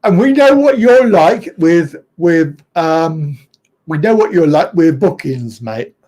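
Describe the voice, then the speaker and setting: Hosting a casual livestream chat, a middle-aged man talks at an unhurried pace in a slightly high yet soft, mellow voice. He is blunt, rambles between points, chuckles often, and his intonation is lively.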